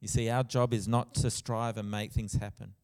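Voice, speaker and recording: A man preaching a sermon in a church, earnest, with soft passages and loud emphatic bursts. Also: fairly low pitch, little pitch movement, normal speed, clean tone. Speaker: pastor. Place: church hall. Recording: long church reverb.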